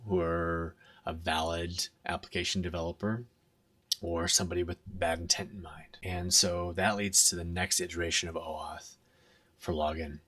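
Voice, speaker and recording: A man's voice: sits low, a bit bright, no echo, distant mic. A man explaining a technical topic at a conference in a conversational way, often checking in with "right?". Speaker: conference speaker.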